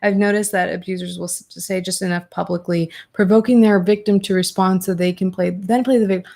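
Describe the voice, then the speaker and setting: A young adult woman hosting a podcast, reading viewer comments and reacting in a candid, animated way, swearing freely. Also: mid-range voice, a little fast, vocal fry. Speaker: podcast host.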